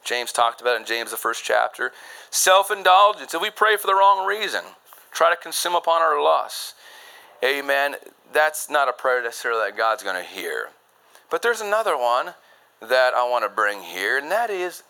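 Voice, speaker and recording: A man preaching with a bright, forceful tone that sits a little high for a man. He swings between loud emphatic points and quiet low asides. He reads scripture quickly in old-fashioned phrasing. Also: big pitch swings, vocal fry, low-quality recording. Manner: reads scripture in fast King James phrasing. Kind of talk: sermon.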